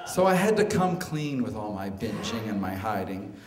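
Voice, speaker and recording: A man performing a comic personal story on stage, animated and prone to high excited exclamations. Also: a little slow, few pauses. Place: storytelling show venue. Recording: echoey hall, live stage.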